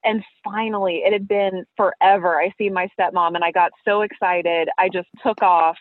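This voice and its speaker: A woman's voice comes through a thin, tinny phone line with no room echo at all. She is a listener calling in, telling her story in a lively, casual way and breaking into laughter often. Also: lowish voice, moderate pace. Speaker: listener caller.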